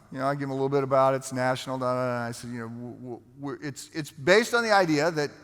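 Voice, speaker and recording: A male pastor telling a story in a conversational sermon, with halting restarts. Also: a little high, a bit bright. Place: large church sanctuary. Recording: long hall reverb.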